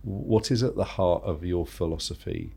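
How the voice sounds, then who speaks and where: A man hosting an interview, encouraging and a bit halting, restarting his phrases often. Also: sits low, creaky, dark tone, husky. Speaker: podcast host. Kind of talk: conversational interview.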